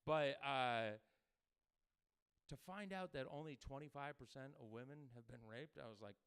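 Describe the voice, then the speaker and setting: A man performing a crude stand-up comedy set, talking loosely and breaking into loud mock voices. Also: mid-range voice, normal speed, clean tone. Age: adult with a daughter.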